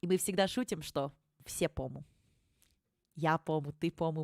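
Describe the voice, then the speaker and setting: A woman's voice: low-pitched, moderate pace, a little mellow, no echo, clean studio sound. A woman streamer hosting a watchalong in casual livestream chat, playful and affectionate, calling her viewers honey.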